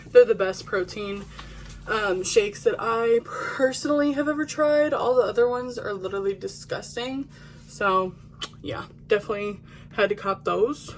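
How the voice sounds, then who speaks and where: A woman's voice: on the high side, a little hiss or hum. A woman vlogging in a casual, candid chat, talking straight to her viewers with fillers and the odd swear.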